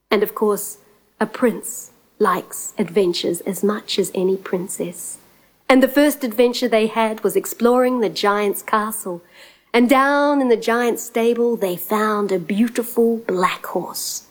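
A woman telling a fairy tale aloud, expressive, dropping to whispers at tense moments and breaking into song. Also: mid-range voice. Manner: slow, expressive, drops to whispers and sings. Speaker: storyteller. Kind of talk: oral storytelling.

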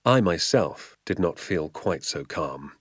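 A man narrating a children's novel aloud in a measured, expressive storytelling manner. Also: low voice, slightly rough, dry recording, studio quality. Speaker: audiobook narrator. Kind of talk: storybook reading.

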